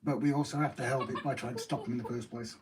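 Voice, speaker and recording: A man with a middle-pitched voice co-hosts a casual live stream. He adds relaxed, short remarks to the chat. A clear hiss sits under his voice. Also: fast talker.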